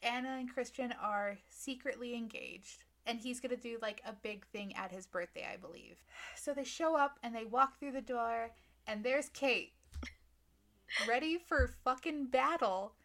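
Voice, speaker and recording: A woman's voice: fairly high pitch, a little slow, fairly bright tone. A woman co-hosting a podcast, chatting casually and sarcastically about a book, acting out the characters' lines with giggles. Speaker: podcast co-host. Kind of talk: casual chat recapping a book.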